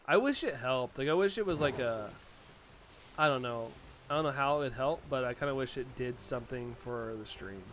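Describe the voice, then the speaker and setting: A man from the United States, a live streamer, chatting casually and answering viewer chat out loud. He sounds a little sniffly from allergies. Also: medium pitch, animated, normal speed, a little hiss or hum.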